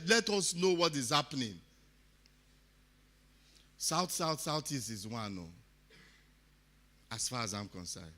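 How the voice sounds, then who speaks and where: A man from Delta State with a Nigerian accent, giving an impassioned speech at a summit, repeating phrases and swinging from quiet to loud. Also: sits high. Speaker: summit speaker. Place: conference hall.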